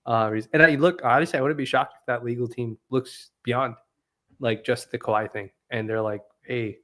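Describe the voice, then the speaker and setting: A man's voice: medium pitch, steady tone, moderate pace, fairly bright tone. A man co-hosting a casual sports livestream, recalling things loosely and laughing often. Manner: laughing, loose conversational recollection. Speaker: podcast co-host.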